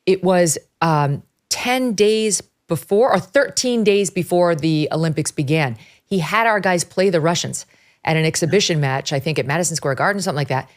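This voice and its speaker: A middle-aged woman from upstate New York hosting a talk show, animated and emphatic, laughing as she talks. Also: fairly low pitch, normal speed. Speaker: host. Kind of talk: casual conversational commentary.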